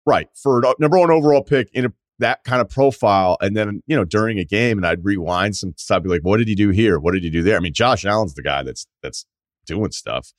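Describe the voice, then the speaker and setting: A man with a fairly low voice hosting a sports podcast, conversational and analytical, sometimes sinking into a mutter. The sound is close and dry, as from a studio microphone. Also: a little fast, no echo. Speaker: podcast host. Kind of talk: casual sports talk.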